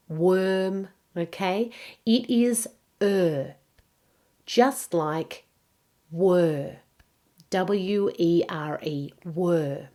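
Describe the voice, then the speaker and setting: A woman teaching English pronunciation, saying each word slowly and carefully for learners to repeat. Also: lowish voice, warm tone. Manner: slow, careful modelling of words. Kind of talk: pronunciation lesson.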